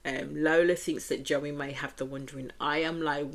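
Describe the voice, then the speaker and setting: Low-voiced Brummie woman reviewing TV. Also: fairly even intonation, moderate pace. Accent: Birmingham. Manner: chatty, opinionated, often repeats stock phrases. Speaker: reality show reviewer. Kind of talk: casual reaction review.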